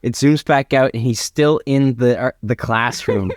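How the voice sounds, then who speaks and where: A man's voice: medium pitch, measured pace, no echo, clean studio sound. A man improvising a comedy adventure story as a podcast host. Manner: animated, laughing narration.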